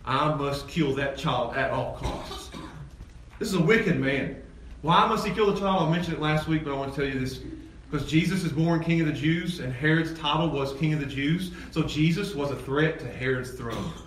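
A man preaching a sermon as pastor, animated, swinging from loud excited peaks to low emphatic lines. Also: a little fast, few pauses, a little hiss or hum. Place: church sanctuary. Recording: echoey church hall from far off, faint ambience.

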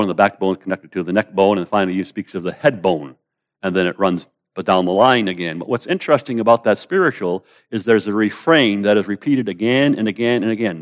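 A man preaching a sermon, quoting scripture in old-style wording and swinging between raised emphasis and hushed asides. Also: low-pitched.

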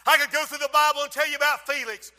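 A man preaching a fiery revival sermon, shouting and then dropping to a hush, in a church. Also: very high-pitched, flat delivery, quick pace. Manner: shouting, dramatic storytelling with sudden hushed drops. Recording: echoey church hall.

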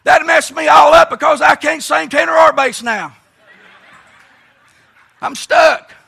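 Hoarse, shouting preacher man. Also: extremely high pitch, a little slow. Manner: hoarse, strained, folksy preaching with many "uh"s. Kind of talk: shouted camp-meeting sermon. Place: large church or camp meeting, live congregation.

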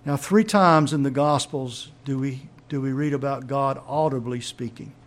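A man's voice: mid-range voice, normal speed. A man preaching a sermon, teaching in an emphatic way and asking rhetorical questions.

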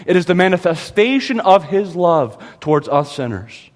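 A man preaching a sermon as pastor, emphatic, with sudden rises in pitch and slow, stressed quotations. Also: very animated, big-room sound.

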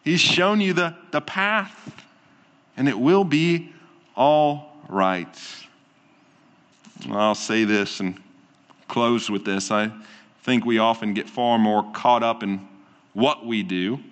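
A man preaching as a pastor, calm and earnest, often easing into soft, slow endings. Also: medium pitch. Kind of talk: sermon. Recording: long hall reverb.

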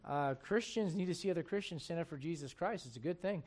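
Male pastor, high-pitched, emphatic sermon delivery with scripture reading. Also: fast talker, a little mellow. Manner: emphatic, asks the congregation questions; reads scripture aloud in old wording.

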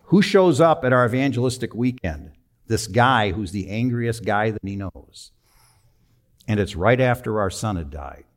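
Low-voiced older man preaching a story. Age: 60s. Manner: conversational, emphatic storytelling with sudden drops to a low, quiet voice. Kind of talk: storytelling sermon.

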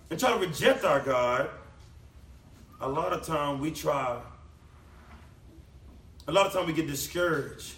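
A man preaching a sermon with a bright, forceful, fairly high voice. He is emphatic, building to loud declamation and sinking low for the scripture passages. He is heard from off the mic in an echoey church hall. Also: animated, slow, pauses often, distant mic.

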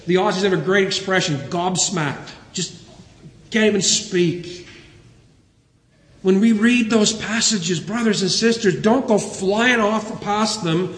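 Preaching man in an echoing hall. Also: sits high. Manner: earnest preaching, quotes scripture, rises in emphasis. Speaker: pastor. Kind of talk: sermon. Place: church sanctuary. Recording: roomy church hall reverb.

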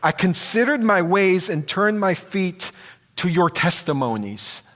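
A male preacher delivers a sermon at an unhurried, deliberate pace. He sounds earnest and leans on repeated phrases for emphasis. His voice rings out with a long reverb tail, as if in a large hall. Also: sits high, big pitch swings, a bit bright.

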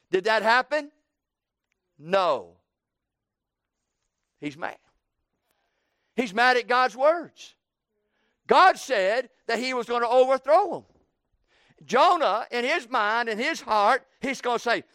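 An emphatic male preacher delivers an evening sermon and drives his points home with rhetorical questions and repeated lines. His voice is high and smooth for a man. The sound is dry and close. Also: expressive, slow, long pauses, bright, forceful tone, no room sound.

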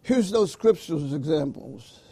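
Man preaching, slow deliberate delivery, husky mellow voice, emphatic call-outs. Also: fairly high pitch, lively intonation. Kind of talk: sermon.

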